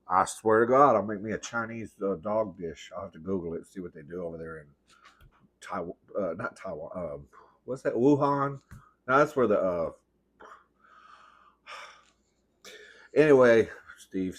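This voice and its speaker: A man in his thirties hosting a comedy eating show at home, telling rambling, sassy stories full of swearing and calling listeners "girl". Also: on the low side. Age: 30s. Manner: rambling, self-correcting. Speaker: host. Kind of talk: comedic storytelling while eating.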